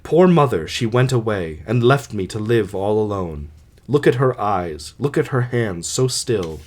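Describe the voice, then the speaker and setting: A man's voice: fairly low pitch, sing-song, unhurried, a little mellow. A man voicing a grieving young boy in his own plain voice, reading a lament for an amateur audiobook.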